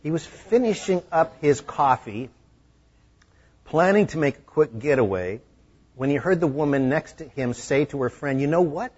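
A man preaching a sermon, telling a story with animated voices. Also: on the high side, moderate pace, breathy edge. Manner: animated, acting out the scenes. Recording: dull lo-fi recording.

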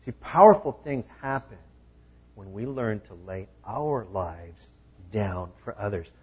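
Male pastor with a husky mid-range voice, conversational but emphatic, in a dull church recording. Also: fairly low pitch, lively intonation, slow. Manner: conversational preaching with emphatic repeated phrases. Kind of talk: sermon.

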